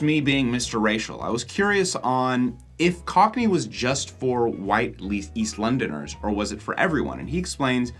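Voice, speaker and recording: Bright-voiced man narrating a casual vlog. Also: fairly low pitch. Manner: candid, jokey, swears casually. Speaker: travel vlogger and host.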